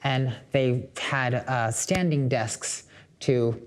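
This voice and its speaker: A woman's voice: a bass voice, steady tone, drawn-out words. An easygoing woman co-host in casual talk-show chat. She answers simply and agreeably.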